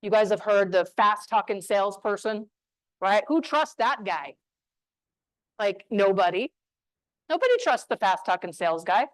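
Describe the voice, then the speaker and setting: A woman from New Mexico giving a motivational talk on voice skills to a live audience, emphatic and punchy with deliberate pauses. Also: medium pitch, animated, dry recording, rough recording. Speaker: speaker on voice skills. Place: room with an audience.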